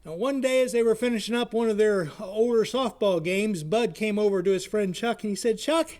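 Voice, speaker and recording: A male community educator presents and tells a story in a casual, folksy manner, often pausing on fillers. His voice sits high for a man. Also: a little mellow. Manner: friendly, folksy, frequent filler words.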